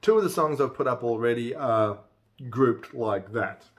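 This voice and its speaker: A man's voice: medium pitch, animated, normal speed. A man casually teaching music theory, counting beats aloud and now and then singing a line. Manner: chatty, counts beats aloud and breaks into song. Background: acoustic guitar playing.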